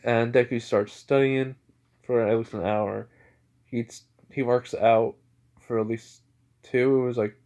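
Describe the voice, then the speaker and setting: A man's voice: mid-range voice, darkish tone. Rambling young man telling a fan story. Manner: rambling, full of "basically" and "like". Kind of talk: improvised story narration.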